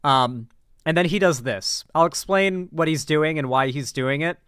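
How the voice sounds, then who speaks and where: A man's voice: on the high side, measured pace, a bit bright, clear, resonant tone, dry recording, studio quality. A man hosting casual political reaction commentary, rambling with many fillers, restarts and blunt swearing.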